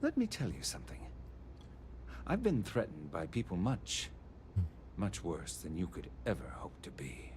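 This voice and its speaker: An actor playing a smug, arrogant corporate man in a video game, who speaks slowly and laughs off threats with scorn. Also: low-pitched, wildly swooping pitch, a little mellow, a little hiss or hum, full character voice. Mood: scornful.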